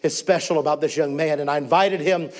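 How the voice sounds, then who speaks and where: A man's voice: fairly high pitch, fairly even intonation, a little fast, a little mellow. A man preaching a sermon as a missionary, telling a story with mounting fervor. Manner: impassioned storytelling, rising to fervent preaching.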